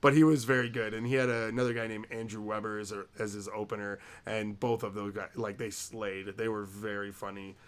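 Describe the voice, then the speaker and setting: A man's voice: lowish voice, level tone, brisk, hardly any pauses, smooth. A man co-hosting a casual podcast, chatty and rambling with lots of fillers, often laughing. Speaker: podcast co-host.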